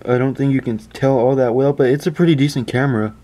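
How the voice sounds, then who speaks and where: A man's voice: medium pitch, steady tone, fast, warm tone. A man giving a casual phone review indoors, chatty and stumbling over his words, often stopping to apologize. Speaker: tech reviewer.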